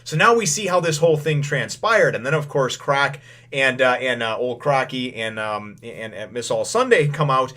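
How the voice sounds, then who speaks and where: A man giving a casual first-impressions recap of a manga chapter, rambling with plenty of filler phrases and acting out lines in quick paraphrase. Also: medium pitch, animated, sharp tone.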